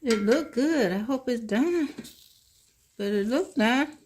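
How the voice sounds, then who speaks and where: A woman's voice: on the high side, animated, takes it slowly, darkish tone, breathy edge. A woman hosting a casual cooking vlog, chatting to viewers as y'all and tasting food on mic. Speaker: cooking channel host.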